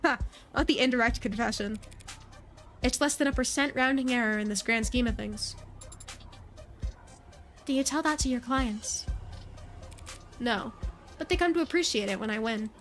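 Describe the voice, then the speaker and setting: A woman's voice: on the high side, normal speed, pauses often, soft background music. A woman streamer reading a visual novel's dialogue aloud, voicing every character in a near-plain voice and adding brief asides.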